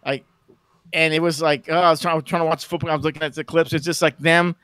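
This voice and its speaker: A man with a high, bright, edgy voice rants to his stream chat, tripping over and repeating words as he mocks people. The sound is close and dry, with no room around it. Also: little pitch movement, fast talker, no room sound. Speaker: livestream co-host. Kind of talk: casual ranting stream chat.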